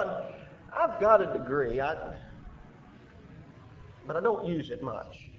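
Male pastor, fairly high voice, emphatic sermon delivery, roomy lo-fi church recording. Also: big pitch swings, slow pace, long pauses. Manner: emphatic preaching with sudden loud rises and quiet drops. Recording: echoey church room, lo-fi with faint hiss.

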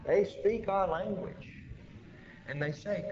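A man preaching a sermon, swinging between loud emphatic rises and quiet drops, recorded lo-fi in an echoey church with faint hiss. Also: fairly high pitch, lively intonation, normal speed. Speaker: pastor.

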